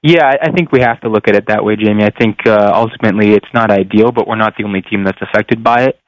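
A man's voice: fairly low pitch, quick pace, dry recording. A young adult man, a pro football player, answering radio interview questions earnestly while searching for words. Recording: dull lo-fi line.

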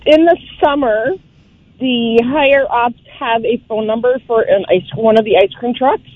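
A man's voice: extremely high pitch, normal speed, no echo. A man calling in to a radio show, explaining things in a matter-of-fact way. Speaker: caller. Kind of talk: phone-in chat. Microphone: phone. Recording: tinny phone line.

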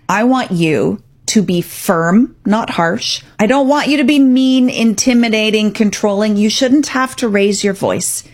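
Firm woman radio host giving advice. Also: mid-range voice. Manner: firm, direct, coaching. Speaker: radio talk show host. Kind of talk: parenting advice monologue.

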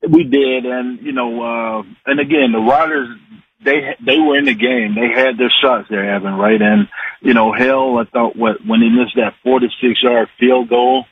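A man's voice: mid-range voice, fairly even intonation, normal speed, slightly rough. Man in his forties on a tinny phone line. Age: 40s. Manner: folksy, rambling, many fillers. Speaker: regular guest, sports and recipe commentator. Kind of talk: casual radio chat. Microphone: phone call-in.

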